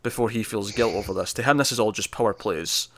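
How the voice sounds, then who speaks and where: A man on a casual podcast, his voice sitting a little on the low side. He retells scenes with animation and slips into the characters' lines as he goes. The recording is dry and close, with no room sound. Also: fast talker, a bit bright, no room sound. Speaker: podcast co-host. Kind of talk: casual TV episode discussion.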